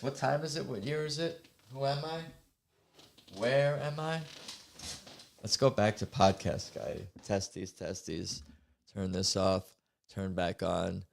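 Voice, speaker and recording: A man's voice: mid-range voice, animated, takes it slowly, creaky, reverberant, slight background noise. Rambling man hosting a live stream. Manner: rambling, self-interrupting, chatting with viewers. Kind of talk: casual live stream chat.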